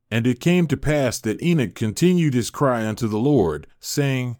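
A man reading scripture in a measured, solemn narration at a middle pitch. The recording is dry and close, with no room echo around the voice. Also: lively intonation, darkish tone. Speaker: scripture reader.

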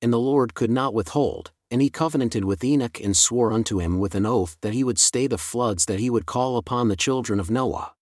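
A man reads scripture aloud in a solemn, measured, unhurried manner. His voice sits at an ordinary middle pitch, and the recording is close and dry, with no room around it. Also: a little mellow, dry recording. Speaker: scripture reader. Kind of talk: scripture reading.

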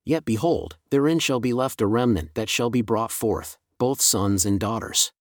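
A man reading scripture aloud in a measured way, slowing on the solemn refrains. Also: medium pitch, dry recording, clean studio sound. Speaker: Bible reader.

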